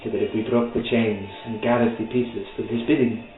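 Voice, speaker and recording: Man doing a solemn, frail old crone timekeeper, slow and mournful, on an echoey, phone-like call with music under it. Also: on the low side, fairly even intonation, lightly acted. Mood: weary, solemn. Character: frail ancient woman timekeeper, weary and sorrowful. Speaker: game master. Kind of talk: voicing a character in a tabletop game.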